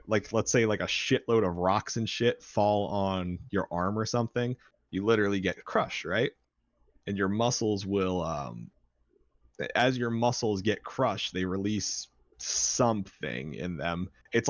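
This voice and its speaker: A man with a lowish, dry voice rambles through a casual stream chat, swearing freely and getting worked up as he talks. The sound is a bit muffled and dull, recorded close with no room around it. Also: no room sound. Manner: rambling, profane, excitable. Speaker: band member.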